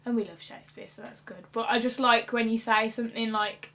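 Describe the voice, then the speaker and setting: A woman's voice: fairly high pitch, brisk, hardly any pauses. A young woman with a Black Country accent chatting casually and animatedly in an interview. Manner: chatty, animated, laughs while talking. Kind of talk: casual chat.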